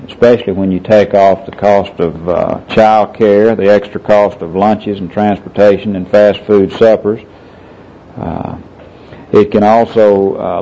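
Leading a Bible discussion, a middle-aged man speaks in a lowish, mellow voice, earnestly citing scripture by chapter and verse. The Bible teaching talk comes through on a muffled, lo-fi recording.

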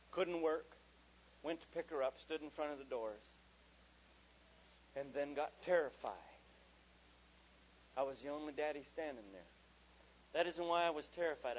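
A man telling an animated stand-up story about raising his daughters, switching into character voices. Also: medium pitch. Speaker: comedian. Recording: dull lo-fi live recording with faint noise.

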